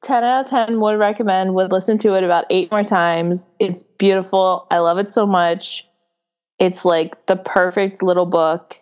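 A woman's voice: mid-range voice, steady tone, moderate pace, a little mellow, clear, resonant tone, highs cut off. A young woman gushing about a book she loves in a casual podcast chat, full of fillers and enthusiasm.

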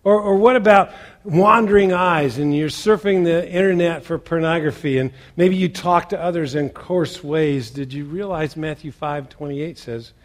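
Male pastor, conversational sermon delivery, fairly high voice, loud emphasis then quiet asides. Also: normal speed. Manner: conversational preaching with rhetorical questions.

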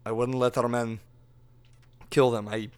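A rattled dwarven king , played by a man, speaks in urgent, halting bursts with a smooth, clear tone, close to the performer's own voice. His words stop and restart as he thinks aloud. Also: medium pitch, flat delivery, close to an everyday voice. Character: worried dwarven king facing a crisis.

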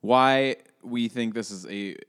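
A man's voice: medium pitch, measured pace, fairly bright tone, clean tone. A man co-hosting a casual podcast, joking around and laughing often. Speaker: podcast co-host.

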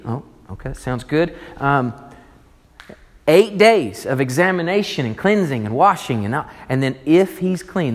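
A man preaching a sermon, animated and acting out the voices of people in his story. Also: a little high. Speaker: pastor. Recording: long reverb of a large hall.

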